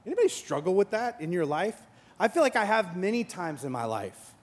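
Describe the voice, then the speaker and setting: A man with a notably high voice delivers a sermon as a pastor. He moves between humorous asides, where he acts out imagined conversations, and sincere, thoughtful teaching. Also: big pitch swings, brisk. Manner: humorous storytelling with acted-out dialogue; earnest and reflective in teaching parts.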